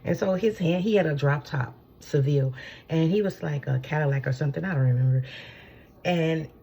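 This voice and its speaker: A woman's voice: low voice, a little fast, creaky, dark tone, slightly rough. A woman giving a casual spiritual teaching from home, rambling and swearing freely, often checking in with her listeners. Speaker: spiritual channeler.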